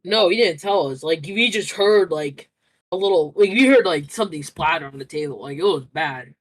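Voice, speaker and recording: A man's voice: fairly high pitch, expressive, moderate pace, rough recording. Rambling young man telling a story. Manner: rambling, filler-heavy storytelling with many restarts. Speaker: interviewee. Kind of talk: casual interview answers.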